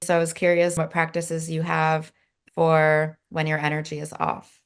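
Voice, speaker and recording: A woman's voice: sits low, monotone, moderate pace, clean tone. A woman hosting a podcast in casual chat, giving brief encouraging reactions and asking questions. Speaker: podcast host.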